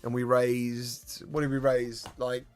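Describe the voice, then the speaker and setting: A man's voice: mid-range voice, monotone, takes it slowly, faint music behind. A British man live-streaming about VR gaming, chatting casually and greeting viewers by name, with lots of fillers and restarts.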